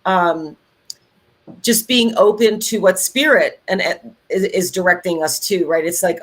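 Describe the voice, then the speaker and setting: A middle-aged woman co-hosting a podcast, chatting in an animated way with many fillers and restarts. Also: on the low side, a little slow. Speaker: podcast co-host. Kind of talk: casual conversational podcast chat.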